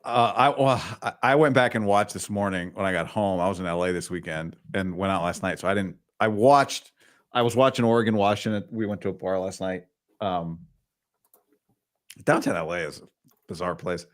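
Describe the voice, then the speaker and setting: A man's voice: low-pitched, normal speed. A man hosting a casual sports podcast, talking in a rambling way with restarts mid-thought. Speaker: podcast host.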